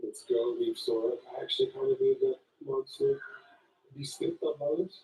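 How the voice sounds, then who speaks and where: A man's voice: medium pitch, huge pitch swings, normal speed, mellow. A man streaming from a crowded public place, talking offhand and muttering to himself. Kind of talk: casual live commentary. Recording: echoey, distant from the mic.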